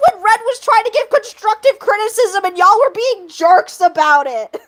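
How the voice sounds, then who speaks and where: A young woman livestreaming in casual chat, excitable and laughing, playfully scolding her viewers. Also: very high voice, normal speed, low-quality recording.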